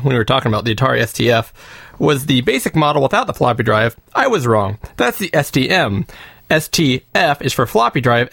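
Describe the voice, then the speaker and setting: A man's voice: medium pitch, vocal fry, a bit bright, no echo, clean studio sound. A man co-hosting a casual podcast, jokey and upbeat, reading listener feedback. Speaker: podcast co-host. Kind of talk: casual chat.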